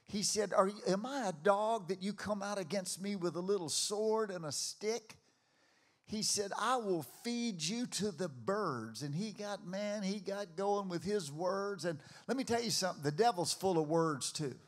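An older man with a drawl preaches to a live congregation in a church auditorium. His voice sits fairly high for a man, and he drives his points home with emphatic force, climbing to shouts when he rallies the room. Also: normal speed. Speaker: pastor. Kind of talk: sermon.

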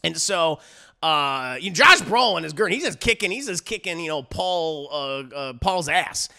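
Brief: a rambling, crude-talking man reviewing movies, with a gravelly, sharp voice. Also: a little high, expressive, normal speed. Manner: rambling, crude, many fillers. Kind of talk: casual film review.

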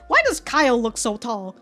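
Sweary, animated female reaction host. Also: on the high side, measured pace, soft background music. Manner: swears freely, laughs often, animated storytelling. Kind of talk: casual reaction commentary.

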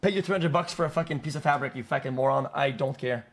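A man's voice: mid-range voice, quick pace. A man streaming live, ranting at his chat in a blunt, mocking way, swearing freely and restarting his sentences often. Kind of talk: casual rant to chat.

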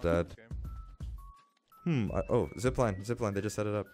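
At a moderate pace, this young streamer talks through his own gameplay with excitable, profane energy, his volume swinging from low mutters up to yells. Faint music can be heard behind him.

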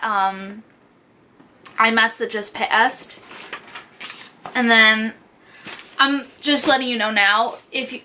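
Young adult woman from the New York area, beauty vlogger chatting to camera at home; bright, slightly high voice with excitable, filler-heavy patter, faint hiss in the recording. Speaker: beauty YouTuber. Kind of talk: casual chat unboxing a swap box.

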